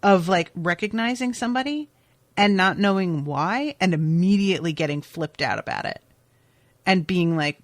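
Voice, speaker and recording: A woman podcast host casually recapping a TV episode, chatty and expressive, swearing now and then. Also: lowish voice, moderate pace, no room sound.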